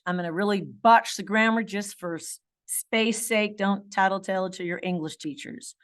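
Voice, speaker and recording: A woman's voice: mid-range voice, moderate pace, few pauses, a bit bright. A woman math teacher giving a video lesson, stressing key words and encouraging her students.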